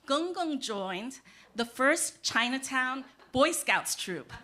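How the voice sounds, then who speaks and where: A middle-aged woman from the United States telling a personal story on stage in a reflective, measured way with dramatic pauses. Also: high voice, animated, pushed and bright, slight background noise.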